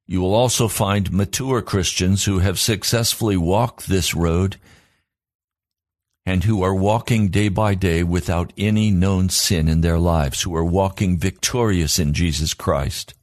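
A man's voice: sits low, fairly even intonation, measured pace, no echo, studio quality. A man preaching a sermon as a pastor, in an earnest, emphatic cadence built on repeated phrases.

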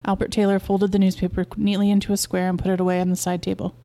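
A woman podcast host narrating a short story in a steady, measured way. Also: medium pitch.

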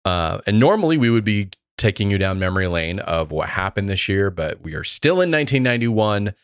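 A man co-hosting a casual podcast, his voice very low and smooth. The sound is dry and close, with no room echo, and he delivers his lines with wry, deadpan humor. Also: a little fast. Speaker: guest co-host.

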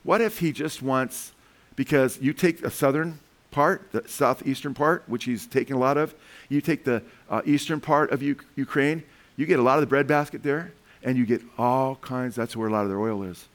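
Middle-aged male preacher, mid-pitched, rambling delivery, many restarts. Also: moderate pace. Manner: rambling, animated, frequent restarts. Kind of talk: sermon with commentary.

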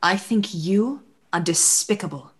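A woman playing a proud adventurer who delivers measured, scornful insults. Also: mid-range voice, lightly acted.

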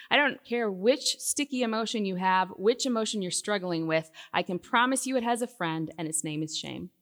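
A middle-aged woman giving a faith talk to a live audience, telling stories with loud emphatic bursts that drop to hushed asides. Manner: lively storytelling, swinging from loud emphatic bursts to hushed lows. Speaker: Christian speaker. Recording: long hall reverb.

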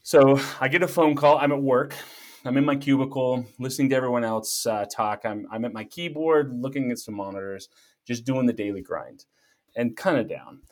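Middle-aged male guest, lively jokey storyteller, conversational. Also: medium pitch, moderate pace. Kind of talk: casual storytelling.

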